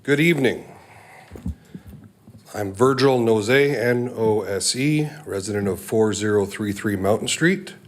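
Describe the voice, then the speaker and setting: A man, a local resident, giving a measured public comment at a council meeting, with frequent ums and uhs. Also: fairly low pitch.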